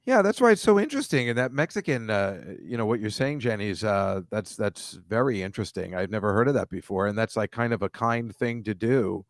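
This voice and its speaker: A man in casual podcast chat, an animated storyteller who mocks voices and makes quick asides. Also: lowish voice, dry recording, studio quality.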